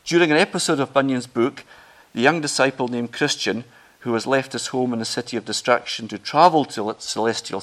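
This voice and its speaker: A man preaching a sermon, earnest and emphatic, rising in pitch and volume on key phrases. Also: fairly bright tone.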